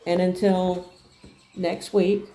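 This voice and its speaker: A woman's voice: fairly low pitch, little pitch movement, slow pace, dark tone. A middle-aged woman telling a personal story on her vlog in a plain-spoken, rambling way, often repeating herself. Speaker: vlogger.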